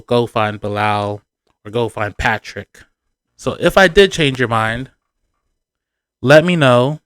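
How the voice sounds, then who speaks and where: A man giving sarcastic, animated commentary on a reality TV show in a casual vlog, with punchy emphasis on his points. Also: medium pitch, clean tone, dry recording, studio quality.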